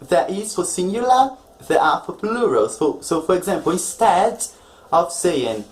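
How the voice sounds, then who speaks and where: A man's voice: high-pitched, sing-song, unhurried, low-quality recording. Male online English tutor; patient, explanatory, checks in with viewers constantly. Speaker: English teacher.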